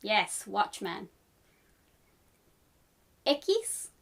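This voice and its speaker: A woman teaching the alphabet in an upbeat, encouraging lesson, spelling out letters slowly. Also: medium pitch, sing-song, creaky, a bit bright. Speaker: language teacher. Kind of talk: friendly language lesson.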